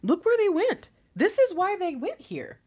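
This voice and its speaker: Giggly, rambling woman tarot reader with a lively, swooping voice. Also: extremely high pitch, measured pace. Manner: chatty and rambling, giggly, swears casually. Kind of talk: casual intuitive reading to camera.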